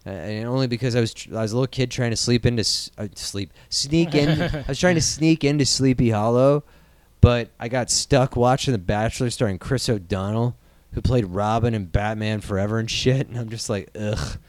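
A man's voice: mid-range voice, a little fast, no echo. A man in his thirties from Iowa, hosting a casual podcast and ranting animatedly about movie news, swearing freely. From Iowa, USA. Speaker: podcast host.

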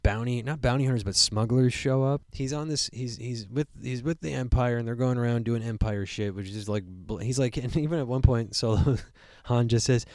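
A man co-hosting a casual movie review chat, animated and swearing freely while he acts out characters' lines. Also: mid-range voice, brisk, hardly any pauses, no echo, clean studio sound. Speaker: podcast co-host.

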